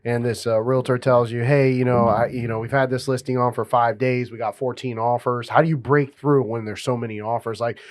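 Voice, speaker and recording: A man's voice: mid-range voice, little pitch movement, brisk, hardly any pauses. A man co-hosting a podcast, asking long, rambling questions full of fillers. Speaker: podcast co-host. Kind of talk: casual podcast chat.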